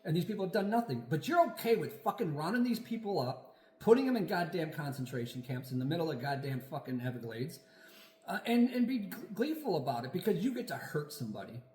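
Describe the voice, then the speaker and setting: A man's voice: a little high, sing-song, brisk, darkish tone, echoey room. A man co-hosting a casual podcast chat, ranting angrily with lots of profanity. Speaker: podcast co-host.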